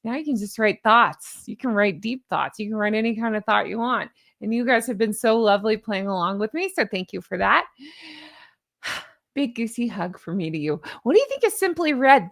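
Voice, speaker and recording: A woman's voice: medium pitch, lively intonation, normal speed, creaky, a bit bright. A woman vlogger with a slight Southern American accent, rambling chattily and teasing herself with giggles. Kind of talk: casual chat to camera.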